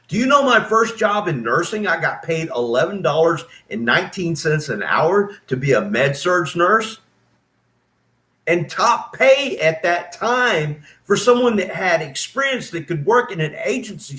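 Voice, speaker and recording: A man's voice: high voice, fairly bright tone, roomy sound. A man in his fifties, a former nurse, telling his story in an emphatic, aggrieved way. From East Texas. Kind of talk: casual spoken storytelling.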